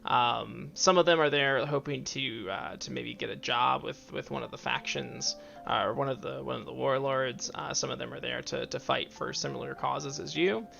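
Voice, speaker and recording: Halting, gravelly-voiced game master. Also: male voice, mid-range voice, bright, forceful tone, lo-fi sound, faint music behind. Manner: halting, full of fillers and restarts. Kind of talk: narrating a tabletop game.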